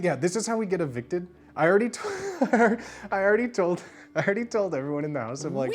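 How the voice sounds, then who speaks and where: A tipsy livestreamer chatting casually with viewers from home, breaking into loud excited yelps and shouts. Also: medium pitch, quick pace. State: tipsy from drinking. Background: music playing.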